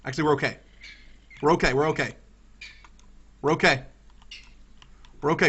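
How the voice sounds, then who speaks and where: Brief: Southern US male gaming host, bright, sharp tone, jumpy play-by-play. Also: on the high side, normal speed, husky. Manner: excitable, talks to himself and his viewers. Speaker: gaming YouTuber. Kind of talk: let's-play commentary.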